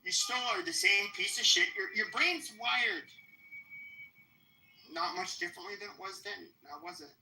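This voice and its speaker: A man's voice: high-pitched, normal speed, background noise. A man hosting a podcast, delivering a profane, taunting, repetitive confrontational rant. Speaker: podcast host. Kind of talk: confrontational live-stream rant. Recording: roomy echo.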